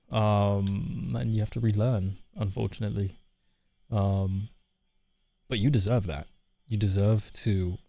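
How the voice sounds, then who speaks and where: Streaming live, a man chats openly and casually with viewers, reading their messages aloud and laughing often. His voice is lowish and creaky with a darkish tone, and there's no echo.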